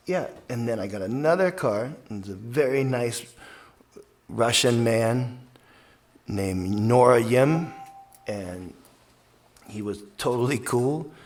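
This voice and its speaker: An unhurried man hosts a radio show and tells a long story, drifting from one thought to the next with plenty of ums. His voice sits a little low and has a gravelly, creaky texture. He takes his time over every sentence. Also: expressive. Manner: meandering anecdotal storytelling with many fillers. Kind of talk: casual rambling monologue.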